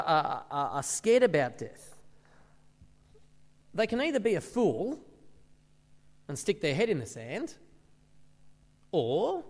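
Pastor with an animated high voice. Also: male voice, big-room sound. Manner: conversational, with rhetorical questions. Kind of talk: sermon. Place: church service.

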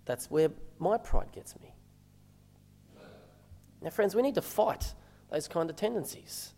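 A male minister delivers a sermon in a relaxed, conversational way, often asking the congregation rhetorical questions. His voice sits a little high for a man. The sound carries the long reverb of a large church hall. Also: unhurried, gravelly, soft background music.

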